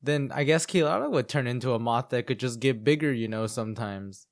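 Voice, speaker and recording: Relaxed podcast co-host chatting. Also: medium pitch, a little fast, over a noisy crowd. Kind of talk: casual chat.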